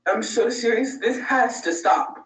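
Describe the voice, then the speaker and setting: A woman's voice: on the high side, fairly even intonation, a little slow, distant mic. A woman in an emotional vlog rant, swearing, upset and close to tears. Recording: echoey room, away from mic.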